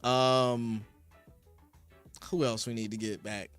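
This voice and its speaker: A man's voice: mid-range voice, flat delivery, slow pace, smooth, soft background music. A young man from Philadelphia hosting a casual sports show, rambling through talk and answering his live chat, and now and then working himself up into heated rants. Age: young adult. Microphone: studio podcast mic.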